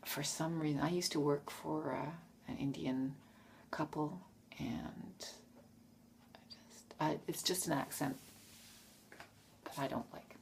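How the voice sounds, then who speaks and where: Frank, rambling woman vlogger; low voice, plenty of fry. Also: steady tone, slow pace, pauses often, whispered. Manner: frank, self-correcting, trails off. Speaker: vlogger answering tag questions. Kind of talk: casual rambling monologue.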